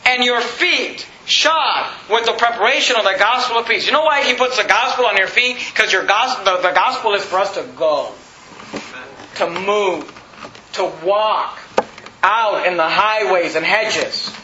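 A man's voice: high-pitched, animated, unhurried, reverberant, lo-fi sound, a crowd in the background. A man pastor preaching a sermon, asking the congregation rhetorical questions and building emphasis. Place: church sanctuary.

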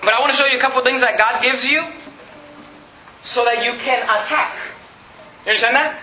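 A man's voice: extremely high pitch, brisk, echoey room, lo-fi sound, background noise. A man pastor preaching a sermon, asking the congregation rhetorical questions and building emphasis. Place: church sanctuary.

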